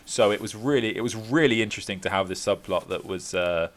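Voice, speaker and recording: A man's voice: on the low side, quick pace. A young man chatting casually as a podcast co-host, rambling and laughing often. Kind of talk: casual chat.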